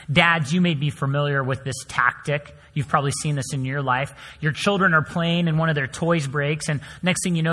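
A male pastor preaching a sermon, telling stories with swings between loud emphasis and soft, hushed lines. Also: on the high side, slightly rough. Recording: long hall reverb.

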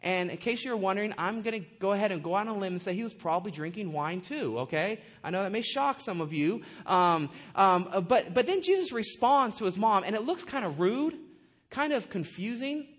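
A man preaching a sermon, animated and conversational, with frequent asides and questions to the congregation. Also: sits high, a little fast. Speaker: pastor.

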